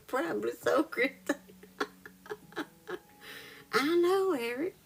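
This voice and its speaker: A woman's voice: high-pitched, animated, very slow, creaky. A woman hosting a reiki live stream, telling a story in a casual chat with viewers, laughing often and greeting them by name.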